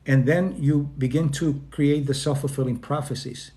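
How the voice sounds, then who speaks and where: A man from Spain speaking informally about self-esteem, often acting out quoted people in quick voice changes, with plenty of fillers and restarts. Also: a little high, fairly even intonation, dark tone. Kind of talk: informal talk to an online audience.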